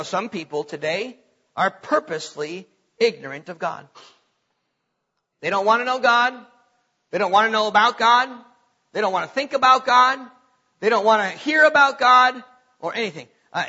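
A man's voice: sits high, expressive, normal speed, bright, forceful tone, highs cut off. A man preaching a sermon as pastor, reading scripture aloud with bursts of emphasis.

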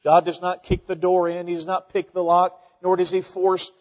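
High-voiced preacher in an echoing hall. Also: male voice, level tone, moderate pace, a little mellow. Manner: earnest preaching with frequent fillers and restarts. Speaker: pastor. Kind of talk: sermon. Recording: dull sound with long hall reverb.

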